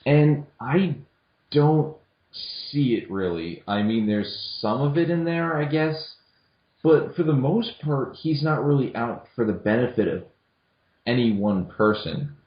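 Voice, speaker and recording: A man's voice: medium pitch, measured pace. A young man co-hosting a casual film discussion, talking hesitantly with many restarts and fillers. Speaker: podcast co-host. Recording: echoey room, dull lo-fi audio.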